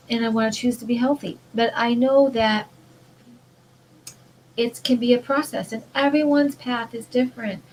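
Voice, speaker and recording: A woman's voice: a little high, darkish tone, a little hiss or hum, rough recording. A woman talking in an earnest, rambling way about mindful living, often restarting her sentences. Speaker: vlogger. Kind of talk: casual spiritual monologue.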